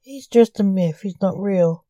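A man's voice: high-pitched, measured pace, warm tone, no echo. A woman voicing a famous male stage illusionist who grows defensive and frightened under a caller's threats.

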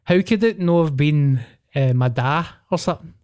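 A man's voice: a little high, normal speed, a little mellow, clear, resonant tone, no room sound, clean studio sound. A Scottish man co-hosting a podcast, telling blunt, sweary family stories in casual chat. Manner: blunt, sweary, laughs through his stories. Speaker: podcast co-host. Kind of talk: casual banter.

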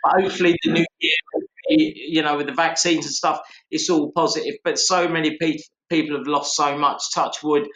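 A man in his fifties speaks haltingly and earnestly, restarting his sentences. His voice is a touch high and carries a roomy echo, as if he is calling in from a bare room. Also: fairly even intonation, a bit bright. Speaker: guest. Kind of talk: casual reflective chat. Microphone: video call.

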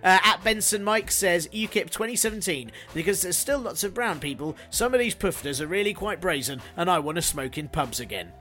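A man's voice: sits high, animated, brisk, few pauses, pushed and bright, faint music behind. A man hosting a solo podcast segment, reading listener jokes with sardonic, jokey asides. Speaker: podcast host.

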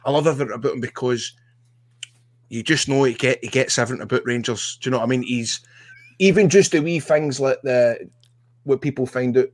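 A man's voice: medium pitch, fairly quick. A man with a Scottish accent, a podcast guest chatting casually, rambling and repeating his words with enthusiasm. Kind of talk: casual chat.

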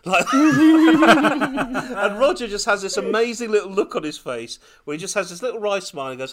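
A man on a podcast telling a lively personal story in casual chat, laughing often as he goes. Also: high voice, normal speed. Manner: animated, laughing, breathless when excited. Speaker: podcast co-host.

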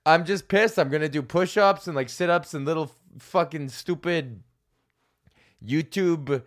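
A man hosting a solo comedic podcast, ranting with plenty of swearing. His voice sits a bit high for a man, and he swings from loud bursts down to quick mutters. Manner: profane, excitable, swings between loud outbursts and mumbles. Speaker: podcast host.

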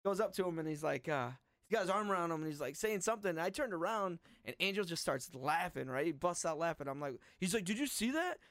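Male podcast host, high-pitched, swears freely, laughs through his stories. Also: fast talker, few pauses, dry recording, studio quality. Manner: profane, animated storyteller with lots of laughing. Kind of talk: casual chat among friends.

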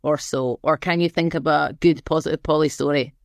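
A woman co-hosting a podcast, telling stories in an animated, teasing way. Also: sits low, a little fast, no echo, clean studio sound. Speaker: podcast co-host. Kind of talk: casual chat.

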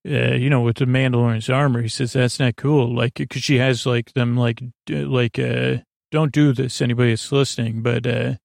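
Man, podcast host, casual recap, halting with fillers, gravelly, flat pitch. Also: dry recording, clean studio sound. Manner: halting, many fillers and restarts.

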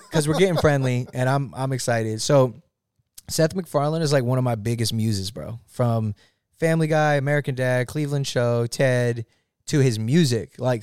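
A man in casual interview chat, an animated storyteller who swears and laughs often. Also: medium pitch, clear, resonant tone, no echo, clean studio sound. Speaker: guest musician.

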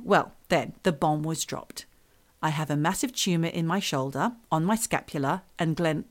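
A middle-aged woman co-hosting a casual chat, reading out a listener's story with lively swearing. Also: low voice, normal speed. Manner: expressive storyteller, swears freely. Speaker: podcast co-host.

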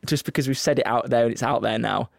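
A man's voice: medium pitch, steady tone, quick pace, gravelly, dry recording, studio quality. A man co-hosting a podcast, chatty and jokey, often talking over his co-host. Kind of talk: casual chat.

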